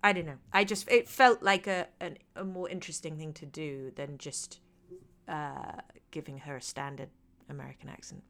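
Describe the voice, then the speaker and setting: A woman in her forties, an actor, chats casually and tells stories with lots of laughter. Her low voice moves at a normal speed, lively and full of fun.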